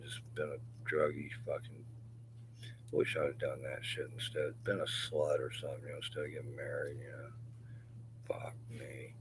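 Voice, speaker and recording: A man's voice: extremely low pitch, background noise. An older man rambling through a profane, confessional livestream monologue.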